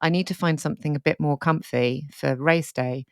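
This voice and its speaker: A woman's voice: low voice, moderate pace, smooth, no room sound, clean studio sound. A woman co-hosting a podcast, telling a candid, sweary, emotional story in casual chat. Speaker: podcast co-host.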